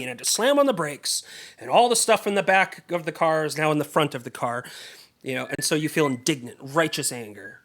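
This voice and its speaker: A man preaching a sermon, telling the story in a casual, lively way and acting out the characters' voices. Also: a little high. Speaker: pastor.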